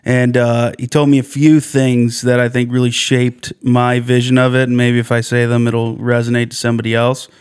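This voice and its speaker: A man's voice: medium pitch, normal speed, hardly any pauses, clear, resonant tone. A man co-hosting a podcast, telling reflective stories in casual chat. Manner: reflective, storytelling, quotes others in animated voices. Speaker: podcast co-host.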